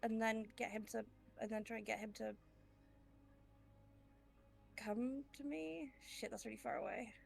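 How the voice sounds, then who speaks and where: A woman's voice: a little high, fairly even intonation, unhurried, gravelly, pauses often, faint music behind. A woman playing a tabletop game, talking casually and hesitantly, often restarting her sentences. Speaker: player.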